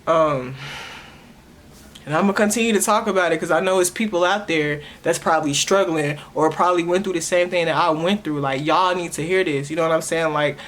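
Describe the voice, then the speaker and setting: A woman's voice: sits low, fairly quick. A young woman, hosting her own podcast and sharing a personal testimony in an earnest, emotional way, often stopping and restarting her words. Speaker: podcast host.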